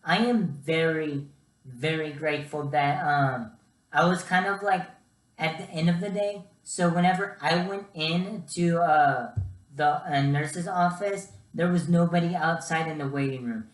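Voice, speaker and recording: A man's voice: fairly high pitch, unhurried. Young male vlogger, casual storyteller who talks to his viewers, recorded in a roomy space. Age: young adult. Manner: chatty, keeps addressing viewers as guys. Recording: echoey room.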